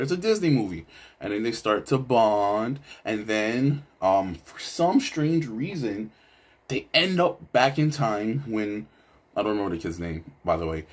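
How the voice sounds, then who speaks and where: A man giving casual, reflective commentary on a film, loose and full of asides. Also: medium pitch. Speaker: video essayist.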